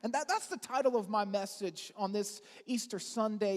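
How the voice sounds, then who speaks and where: A lead pastor giving an Easter sermon in an energetic, conversational way with casual asides and fillers. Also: mid-range voice, normal speed, big-room sound. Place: large church auditorium.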